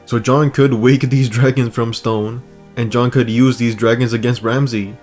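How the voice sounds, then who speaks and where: Hoarse male video-essay host, flat delivery, casual and joking, faint music under him. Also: medium pitch, normal speed. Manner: casual, joking, crude asides. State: hoarse, losing his voice. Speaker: YouTube host.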